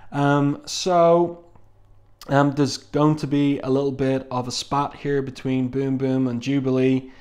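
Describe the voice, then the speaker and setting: A man's voice: medium pitch, little pitch movement, darkish tone. Thoughtful man reviewing comic art. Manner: measured, thoughtful, frequent "um" fillers.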